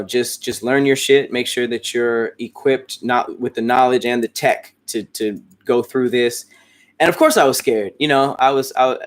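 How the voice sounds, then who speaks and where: A man in a loose, rambling conversation with his audience. He restarts his sentences often and swears in a relaxed way, and his voice sits at an ordinary middle pitch. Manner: rambling, frequent restarts, casual profanity. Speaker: host. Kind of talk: casual livestream chat answering fans.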